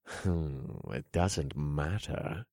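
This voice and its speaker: A man voicing a taunting elderly male king who speaks in a slow, low, mocking drawl with chuckles. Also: a little mellow, no room sound, studio quality, full character voice. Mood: smug.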